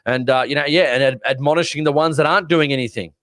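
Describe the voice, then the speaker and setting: A man's voice: on the high side, fast talker, fairly bright tone, no echo. Australian male co-host, blunt ranter, stutters on repeats, dry sound. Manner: blunt, ranting, repeats words when worked up. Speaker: podcast co-host. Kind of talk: casual livestream chat.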